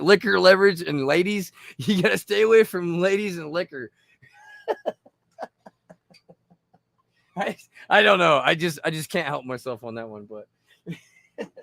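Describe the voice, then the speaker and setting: A man's voice: fairly high pitch, gravelly, fairly bright tone, no echo. A tipsy man hosting a casual livestream, rambling and swearing between laughs. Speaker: livestream host.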